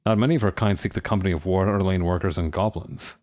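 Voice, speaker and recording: A man's voice: low-pitched, steady tone, fast, darkish tone, soft background music. A man thinking aloud and reading game text during a let's play, musing with many restarts. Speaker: game streamer.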